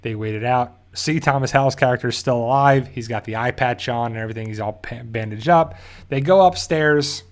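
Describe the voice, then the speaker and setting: Male reviewer at an everyday mid pitch, loosely talking through an episode recap and correcting himself along the way. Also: brisk. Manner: rambling, self-correcting, loosely paraphrases scenes. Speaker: TV show reviewer.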